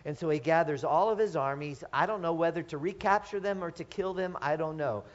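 A man's voice: on the high side, brisk. Earnest middle-aged male preacher, lo-fi. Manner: earnest, asks the congregation rhetorical questions, restarts phrases. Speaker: pastor. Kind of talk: sermon. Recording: dull lo-fi sermon recording.

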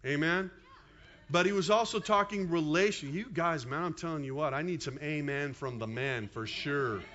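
A man in his fifties preaching a sermon as pastor, in an animated, conversational way with quick asides to the congregation. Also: a little high, dull audio.

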